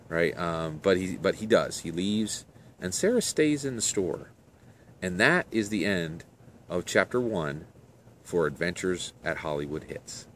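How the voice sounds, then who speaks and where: A man narrating an improvised story outdoors, halting with many fillers like um and uh. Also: deep voice, expressive, a bit bright, a little hiss or hum.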